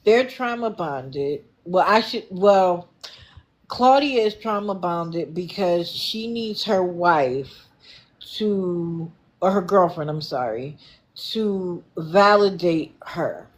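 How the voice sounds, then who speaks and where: A middle-aged woman hosting a livestream, giving casual, sassy commentary and answering her chat in an animated way. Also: lowish voice, slow pace. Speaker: livestream host.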